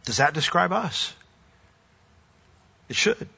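Male pastor, bright ringing voice, earnest sermon delivery, dull lo-fi sound. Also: high-pitched, animated, slow, creaky, breathy edge. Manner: earnest preaching, rising to emphatic declarations.

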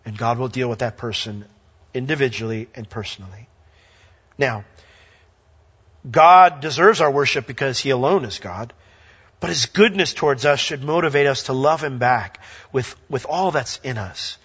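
A male pastor preaching a sermon in an animated way, reading scripture aloud and acting out little dialogues. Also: mid-range voice, moderate pace, breathy edge. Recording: lo-fi sound with long hall reverb.

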